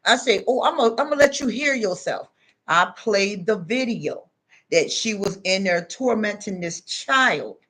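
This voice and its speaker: An older woman tells a story in a spiritual monologue, acting out the quoted voices with big pitch jumps. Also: lively intonation, unhurried, a bit bright. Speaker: spiritual speaker.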